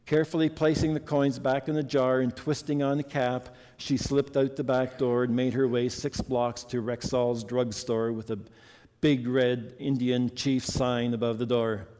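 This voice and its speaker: A man's voice: medium pitch, little pitch movement, moderate pace, dark tone. A man preaching a sermon earnestly and reading a story to his congregation. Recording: long hall reverb.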